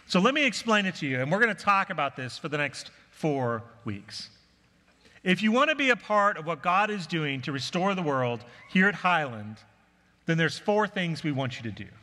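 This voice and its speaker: A man's voice: a little high, sing-song, normal speed, bright, forceful tone. A male pastor giving a sermon to his congregation, earnest and conversational. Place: church auditorium. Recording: reverberant church hall.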